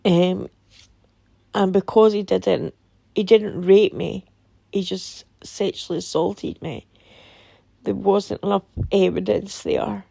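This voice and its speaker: A Scottish woman telling a painful personal story in a halting, somber way, with many pauses and restarts. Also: mid-range voice, fairly even intonation, vocal fry, mellow, no echo. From Scotland. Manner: somber and emotional. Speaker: vlogger. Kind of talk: personal testimony.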